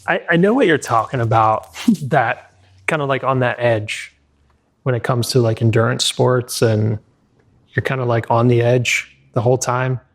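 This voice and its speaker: Laid back guy hosting a podcast, mid pitch, gravelly, says like a lot. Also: moderate pace. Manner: relaxed, affirming, frequent fillers. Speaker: podcast host. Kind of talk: casual interview chat.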